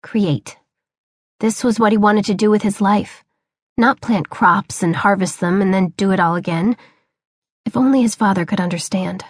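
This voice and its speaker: A woman's voice: mid-range voice, normal speed, breathy edge, no room sound, studio quality. Woman narrating a children's audiobook.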